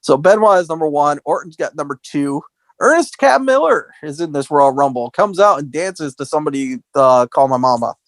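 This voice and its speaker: Animated man recapping wrestling, dry mic. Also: a little high, normal speed, no room sound. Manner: animated storytelling, acts out quotes in a raised voice. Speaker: podcast co-host.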